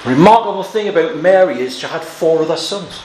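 A man preaching an expository Bible sermon, earnest, moving between quiet reading of scripture and emphatic exclamations. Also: on the high side, animated, fairly quick. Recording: echoey room with faint ambient noise.

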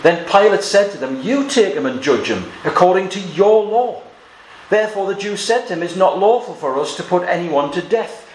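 A man with a slightly high voice preaches through a scripture passage, reading verses aloud and commenting on each one. The recording has a noticeable room echo and a faint hiss underneath. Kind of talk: expository sermon with scripture reading. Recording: echoey room with faint noise.

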